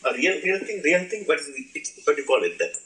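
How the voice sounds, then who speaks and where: A man gives a loose, joking spiritual talk, asking his listeners questions. His pitch leaps and dips with animation. The old archive recording rings with room echo. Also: sing-song, fast talker, fairly bright tone. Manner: playful, laughing, asks the audience questions. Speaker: spiritual teacher. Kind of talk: informal spiritual talk to an audience.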